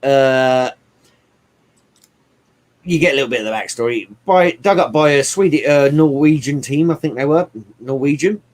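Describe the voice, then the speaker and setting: A man chatting casually about films, animated and swearing often, with bursts of mimicry. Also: mid-range voice, moderate pace. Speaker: podcast co-host. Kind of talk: casual movie chat.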